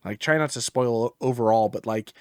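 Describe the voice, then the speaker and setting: A man's voice: medium pitch, fairly quick, a little mellow, clean tone, no echo, clean studio sound. A man hosting a gaming podcast, telling a rambling, profane story about his game in casual chat. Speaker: podcast host.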